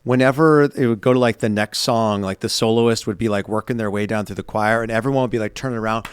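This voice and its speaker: Rambling, animated male podcast host. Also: fairly low pitch, fast talker, smooth, no room sound, clean studio sound. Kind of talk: casual chat.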